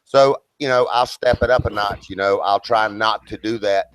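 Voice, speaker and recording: A man with a Southern US accent chatting casually on a livestream, with a relaxed drawl full of "you know.". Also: on the low side, normal speed, smooth, poor audio. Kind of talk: casual chat.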